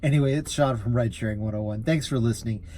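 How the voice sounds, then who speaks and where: Amused rideshare driver rambling casually. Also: male voice, mid-range voice, fast talker, dark tone, slight background noise. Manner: easily amused, rambling with restarts. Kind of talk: casual storytelling vlog.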